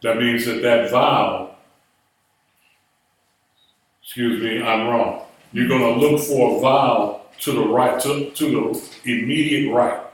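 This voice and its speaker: A man's voice: mid-range voice, steady tone, measured pace, long pauses. A man teaching a Hebrew class, patiently spelling words out letter by letter. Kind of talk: classroom lesson. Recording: echoey room from far off.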